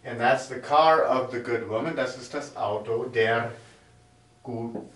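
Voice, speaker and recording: Writing on a board while he speaks, a male German teacher walks through grammar slowly and explanatorily, step by step. His voice is medium in pitch and a bit bright, captured by a distant mic in an echoey room.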